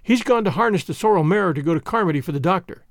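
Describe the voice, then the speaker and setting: A man's voice: high-pitched, expressive, fast, vocal fry, dry recording, studio quality. A man voicing a talkative, imaginative young girl who chatters earnestly and at length. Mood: eager.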